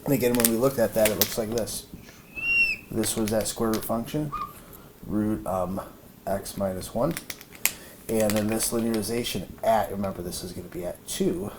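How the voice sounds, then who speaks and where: A man's voice: lowish voice, animated, normal speed. A man giving an informal math lesson, thinking aloud with many fillers and restarts. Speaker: math teacher. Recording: noisy room recording.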